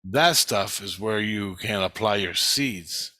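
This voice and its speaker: Speaking slowly in a lowish, sharp-toned voice, a man rambles through a vlog monologue about his dreams. He curses a lot and acts out what people said, with no room sound.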